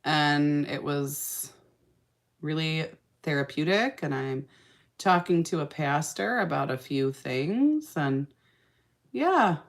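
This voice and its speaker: A woman's voice: deep voice, expressive, takes it slowly. A young adult woman hosting a casual makeup livestream, reading out comments, sounding tired, laughing often and trailing off into fillers.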